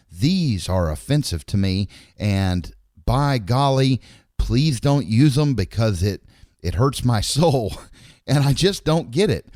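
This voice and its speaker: A middle-aged man co-hosting a podcast, rambling along and cursing without a second thought. His pitch swings up and down a lot as he talks, and the sound is dry and close, with no room around it. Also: darkish tone, no echo. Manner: rambling, blunt, swears freely. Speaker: podcast co-host. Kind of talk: casual chat.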